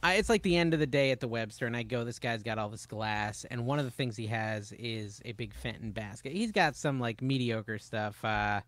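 A man's voice: mid-range voice, normal speed, few pauses, fairly bright tone, dry recording. A man co-hosting a podcast, telling stories in casual chat and acting out other people's lines. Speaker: podcast co-host.

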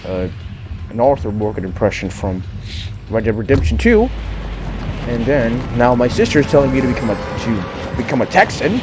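A man's voice: medium pitch, very animated, moderate pace. A man streaming a game live, with a voice that sounds like a cowboy, muttering and swearing to himself and slipping into drawled mock-dramatic lines. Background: game music.

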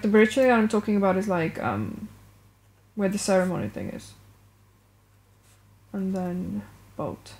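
A woman's voice: mid-range voice, darkish tone. A woman gaming streamer who chats casually, swears and jokes at the game while she plays. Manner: chatty, swears, laughs at the game. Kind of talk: casual let's-play commentary. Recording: noisy home stream mic.

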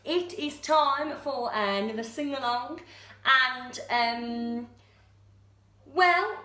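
A woman entertainer chatting brightly to her viewers before a sing-along, bubbly and full of little fillers. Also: high voice, very slow. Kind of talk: casual chat to camera. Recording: roomy echo with loud backing music. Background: loud music.

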